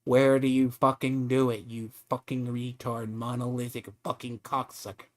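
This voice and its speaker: A man's voice: mid-range voice, flat delivery, moderate pace. A man streaming a game, ranting at another player in a profane, taunting, mocking way. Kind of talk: heated live-stream rant at a player.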